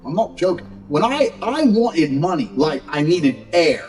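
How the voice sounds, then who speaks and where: A man delivers a blunt, profane motivational lecture. His voice sits fairly high and swings widely in pitch as he drives his points home. Faint music plays underneath. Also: big pitch swings, a little slow, a little mellow. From England. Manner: mocks others by acting out their excuses. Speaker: motivational speaker. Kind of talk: motivational speech. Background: faint background music.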